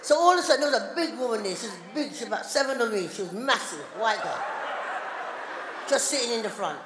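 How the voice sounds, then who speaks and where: High-voiced woman doing live stand-up. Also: quick pace, background noise. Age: middle-aged. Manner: loud, animated storytelling with voiced characters. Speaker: stand-up comedian. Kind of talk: stand-up comedy routine. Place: town hall stage. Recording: live in a reverberant hall.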